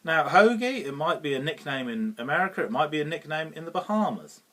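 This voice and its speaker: A British man gives a casual, unscripted film review, rambling off the cuff with a pitch that rises and falls lively. He chuckles often, fills pauses with "um," and keeps restarting his sentences.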